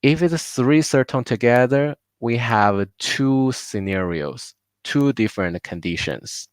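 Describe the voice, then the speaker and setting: A man's voice: medium pitch, lively intonation, takes it slowly, dry recording. A man with a Chinese accent teaching Mandarin pronunciation in a live online class, patiently repeating words for learners. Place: home.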